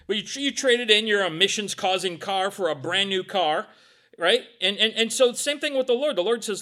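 A middle-aged male pastor with a voice that sits high delivers a sermon at a moderate pace. He's animated, acting out little voices and swinging between loud and quiet.

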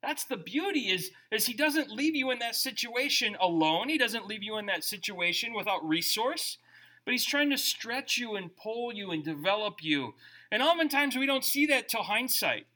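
Male pastor, middle-aged, high bright voice; animated conversational sermon with big swings in loudness. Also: moderate pace. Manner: animated, conversational preaching with shifting volume.

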